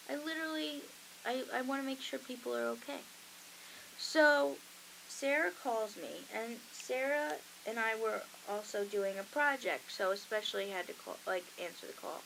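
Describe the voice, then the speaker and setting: A young woman with a slightly high, gravelly, fairly bright voice hosts a college radio show, heard through a rough recording with a little hiss or hum. She chats casually and tells stories, acting out the voices of the people she quotes.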